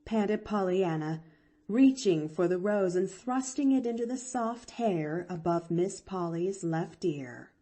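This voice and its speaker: A woman reading a classic storybook aloud for learners, measured and expressive. Her voice is warm and mellow. She moves through it slowly, with lively pitch. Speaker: audiobook narrator.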